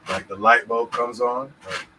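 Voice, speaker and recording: A man's voice: mid-range voice, steady tone, measured pace, noisy background. A man co-hosting a casual podcast about scripture, rambling and checking in with "you know what I'm saying". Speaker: podcast host.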